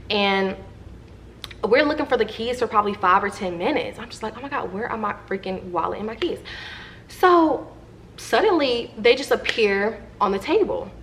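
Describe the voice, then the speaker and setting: A young woman vlogger speaks directly to her viewers, telling a personal story in an animated, chatty way. Her voice sits at an ordinary middle pitch for a woman, with a faint hiss in the background.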